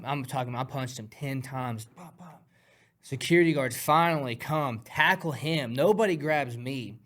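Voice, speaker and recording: A man guest on a talk podcast, telling a story in an animated, profane way, acting out punches with sound words. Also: mid-range voice, normal speed. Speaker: guest fighter.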